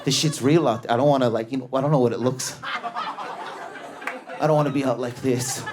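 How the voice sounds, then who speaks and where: A man in his thirties doing an animated stand-up comedy set on a club stage, telling stories with bursts of energy and acted-out voices. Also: moderate pace, a crowd in the background, background noise. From Canada. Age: 30s. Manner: high-energy, animated storytelling with sudden volume swings and acted-out voices.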